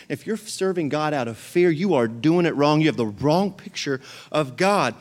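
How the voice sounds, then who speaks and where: A middle-aged man preaching with a notably high-pitched voice. He is animated and often swells into loud, fervent prayer. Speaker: pastor. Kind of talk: sermon.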